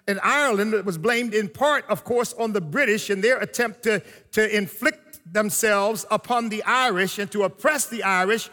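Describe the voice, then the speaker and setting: A man preaching a sermon, with emphatic pauses and slow, drawn-out phrases. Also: high voice, sharp tone. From United States. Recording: long hall reverb.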